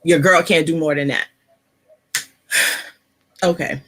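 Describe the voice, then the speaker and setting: A woman hosting a casual live-stream chat, talking softly because of an ear infection, laughing and chatty, sitting close to her computer mic. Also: low-pitched, fairly even intonation, slow pace. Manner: chatty, laughing asides, many fillers. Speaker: host.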